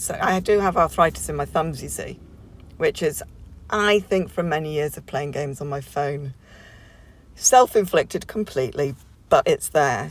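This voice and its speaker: A woman narrates a nail tutorial at home in a casual voiceover. Her voice has a gravelly, fry-touched texture. She rambles chattily, full of ums and restarts. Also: deep voice.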